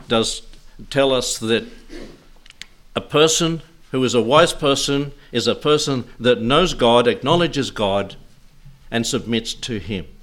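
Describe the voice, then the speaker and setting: A man's voice: mid-range voice, a bit bright. A man preaching a sermon, reading scripture aloud in old-fashioned wording and urging his listeners on in an earnest, exhorting way.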